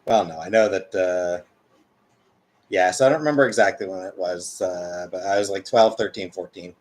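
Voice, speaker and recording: A man's voice: low-pitched, normal speed. A man in his forties from Canada, chatting casually with his viewers in a rambling, hesitant way that keeps correcting itself. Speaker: streamer reading chat. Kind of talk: casual chat.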